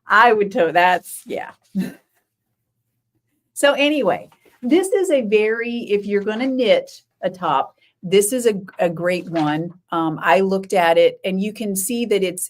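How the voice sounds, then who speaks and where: Chatty lower-voiced woman host. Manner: chatty and rambling, laughs often, answers viewers by name. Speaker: knitting podcast host. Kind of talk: casual live-stream chat with viewers.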